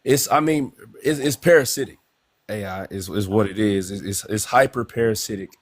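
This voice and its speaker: A man calling in to a live discussion, explaining his view in a measured way. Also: on the low side, no echo, clean studio sound. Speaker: caller.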